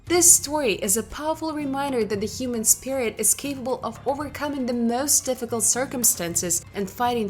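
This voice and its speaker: A woman reading a scripted documentary narration in an even, measured way. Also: fairly high pitch.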